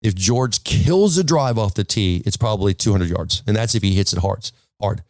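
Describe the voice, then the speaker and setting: A man's voice: fairly low pitch, lively intonation, normal speed, a little mellow, no echo. A man giving a casual golf lesson to camera, emphatic and telling stories, checking in with "okay?" all the time. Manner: storytelling, full of restarts. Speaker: golf instructor. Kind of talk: casual instructional talk to camera.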